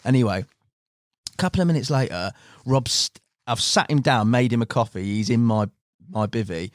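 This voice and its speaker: Man, animated storyteller, mid-pitched, dry studio sound. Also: moderate pace, no echo. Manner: animated storyteller, many fillers like "like" and "mate". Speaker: team member recounting stories. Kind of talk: casual podcast chat. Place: podcast studio.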